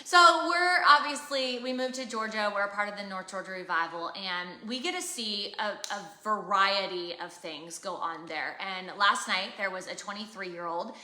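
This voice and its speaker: A woman's voice: medium pitch, moderate pace, hardly any pauses, bright, forceful tone. A woman in her thirties co-hosting a live faith chat, talking earnestly and emphatically like a preacher. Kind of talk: casual live conversation. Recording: roomy echo.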